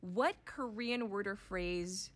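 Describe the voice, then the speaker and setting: A woman hosting a morning radio show in a studio, chatting casually and laughing often. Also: medium pitch. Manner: lively, laughs often, asks quick questions. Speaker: radio host.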